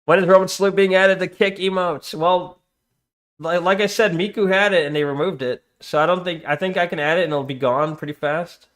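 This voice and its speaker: A man's voice: sits high, brisk, fairly bright tone. A man streaming live in casual chat, reading comments aloud and often breaking off to say "hold on". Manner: distracted, reads chat aloud, many restarts and "hold on"s.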